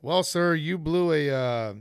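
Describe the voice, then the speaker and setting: A man's voice: on the high side, unhurried, clear, resonant tone, no echo, studio quality. A middle-aged man on a podcast telling a profane story, laughing and acting out quotes. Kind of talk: casual storytelling chat. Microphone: studio mic.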